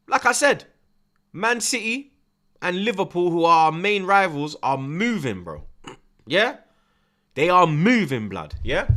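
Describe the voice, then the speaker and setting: Animated young man ranting. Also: a little high. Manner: ranting, emphatic, London slang. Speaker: watchalong host. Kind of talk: heated football rant.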